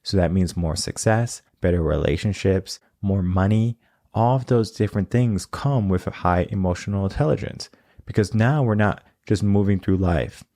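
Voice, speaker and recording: A man with a deep, mellow voice hosts a coaching show, explaining ideas in a relaxed, conversational way and often adding "right?" to check in. The recording is dry and close, with no room sound. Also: moderate pace, no room sound. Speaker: coach and podcast host. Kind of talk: casual coaching talk.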